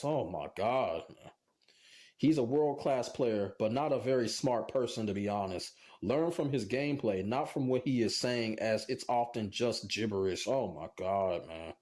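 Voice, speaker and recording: A man's voice: fairly low pitch, a little mellow. Exasperated man ranting, swearing. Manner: profane and exasperated, repeats "oh my God, man". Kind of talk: ranting online commentary.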